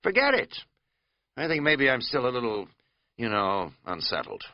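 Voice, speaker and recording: A man's voice: mid-range voice, wildly swooping pitch, normal speed, no echo, highs cut off. A man voicing a rambling, folksy middle-aged American man who talks in a chatty, self-mocking drawl.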